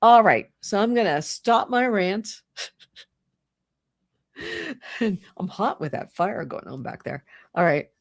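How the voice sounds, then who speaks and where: A woman's voice: mid-range voice, lively intonation, takes it slowly, pauses often, no room sound. A middle-aged woman hosting a livestream, ranting casually and with exasperation, laughing often and mocking people in put-on voices. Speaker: livestream host. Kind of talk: casual political rant on a livestream. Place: home, fire going nearby.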